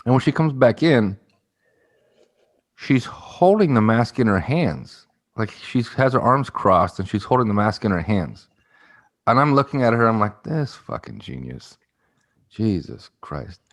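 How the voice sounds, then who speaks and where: A man's voice: mid-range voice, lively intonation, unhurried. A man co-hosting a podcast, casually telling a rambling story and acting out the people in it. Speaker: podcast co-host.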